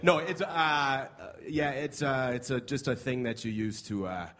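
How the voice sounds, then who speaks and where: A man's voice: medium pitch, moderate pace, fairly bright tone. A man, a comedian guest in casual chat, talking with many restarts and fillers. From Canada.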